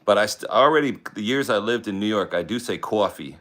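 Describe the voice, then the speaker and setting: A man's voice: fairly low pitch, lively intonation, brisk, fairly bright tone. Laid-back older man with a Californian accent. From San Francisco Bay Area. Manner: laid-back, easygoing, joking. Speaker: guest on a livestream. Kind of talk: casual livestream chat.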